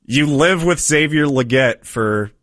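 Chatty sports show host, dry sound. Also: male voice, a little high, measured pace, a bit bright, dry recording. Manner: chatty, laughing, musing. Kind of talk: casual sports show banter.

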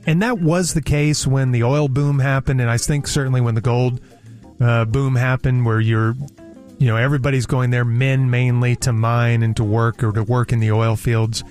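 A slightly mellow, medium-pitched man chats through a travel story as a talk show guest, imitating the people he quotes and repeating words along the way.

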